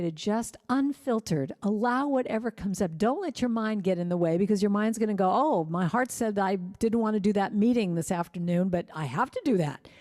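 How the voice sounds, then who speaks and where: A middle-aged woman giving a gentle, heartfelt inspirational talk in a church, telling personal stories. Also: medium pitch. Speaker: singer-songwriter speaker.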